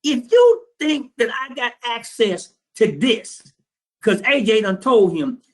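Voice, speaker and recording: High-voiced streetwise man telling a story. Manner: streetwise, blunt, profane, quotes both sides of a phone call. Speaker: trading class instructor. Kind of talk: storytelling lecture to students.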